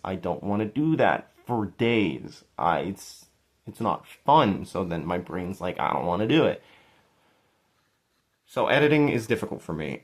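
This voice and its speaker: A young man speaking to his viewers in an earnest, rambling and self-deprecating way, with many restarts. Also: fairly low pitch. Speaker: YouTuber thanking subscribers. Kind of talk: heartfelt casual vlog monologue.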